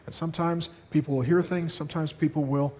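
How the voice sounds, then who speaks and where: A man's voice: on the high side, steady tone, fairly quick, mellow, big-room sound, slight background noise. A man preaching a sermon, telling stories and acting out quoted dialogue. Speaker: pastor. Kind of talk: sermon to a congregation.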